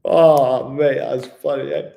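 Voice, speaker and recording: A chatty man, working through viewer questions live in a loose, casual way. His voice sits at an ordinary middle pitch, and he is easygoing and self-deprecating, calling everyone "mate". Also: little pitch movement, slow pace, creaky, warm tone. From West Yorkshire, England. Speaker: vlogger answering viewer questions.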